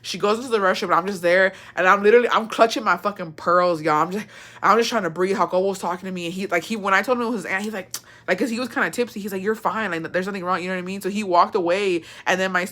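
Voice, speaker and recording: Speaking quickly in a fairly low voice, a young woman shares a story with her viewers. She's casual and animated, curses often, and switches back and forth between Spanish and English.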